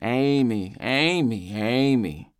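A man's voice: medium pitch, expressive, takes it slowly, smooth, no echo, clean studio sound. A man voicing a bitter, drunken older male ship leader who mocks and snarls. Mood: mocking. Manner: mocking, snarling.

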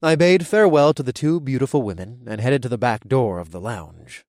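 A man's voice: mid-range voice, fairly quick, a little mellow, dry recording. A young man reading first-person narration in a wry, casual storytelling manner on a close mic. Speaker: audiobook narrator.

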